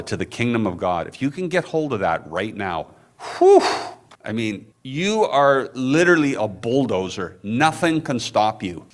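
A man preaching a sermon to his congregation, impassioned, climbing to high emphatic peaks and dropping low and soft, with conversational asides to the people in front of him. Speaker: pastor.

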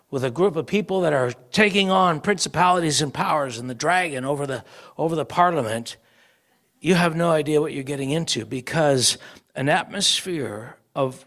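A male preacher giving a sermon, telling stories and acting out the voices of people he quotes. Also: a little high.

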